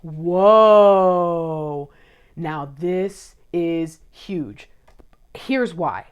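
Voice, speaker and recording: Emotional woman giving a tarot reading. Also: on the low side. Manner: emotional, talks straight to viewers. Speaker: tarot reader.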